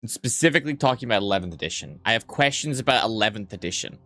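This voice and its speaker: A man's voice: on the low side, animated, rapid-fire, bright, forceful tone, no echo. A young man streaming live, joking crudely and rambling as he reads and answers his chat.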